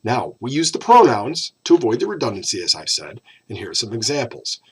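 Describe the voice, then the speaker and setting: A man teaching a recorded Spanish grammar lesson, explaining patiently and drawing out key words slowly. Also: mid-range voice, sing-song, slightly rough.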